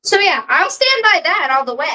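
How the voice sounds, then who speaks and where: Woman co-host, high and bright, agreeable, hedging, slightly distant from the mic. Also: big pitch swings, moderate pace. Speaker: co-host of a wrestling recap stream. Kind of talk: casual chat.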